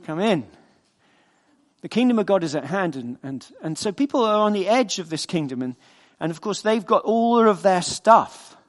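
A man preaching a sermon with a fairly high voice. He talks earnestly and conversationally, drifting easily into personal stories. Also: animated, moderate pace, few pauses.

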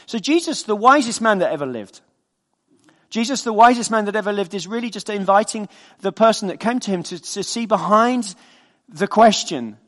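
Speaking in a high, slightly bright voice that rings with big-room sound, a man delivers a chatty sermon. He quizzes the congregation and gives voice to the people in his stories.

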